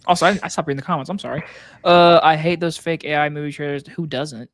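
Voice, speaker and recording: Young man chatting, higher voice. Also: steady tone, fast talker, no room sound, clean studio sound. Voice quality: laughs often, swears, acts out scenes. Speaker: host of a movie watch-along. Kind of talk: casual chat.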